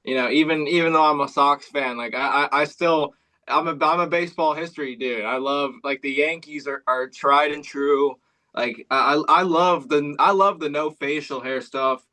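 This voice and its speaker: Young guy guest, eager, keeps restarting, bright and kinda sharp, bit high. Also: steady tone, normal speed, poor audio. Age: young adult. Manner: eager, stumbles and repeats words. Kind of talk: casual interview chat.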